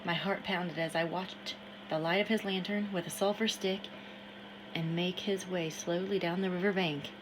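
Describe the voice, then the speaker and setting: A woman narrating a novel in first person, steady and measured. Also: on the low side, noisy background. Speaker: audiobook reader.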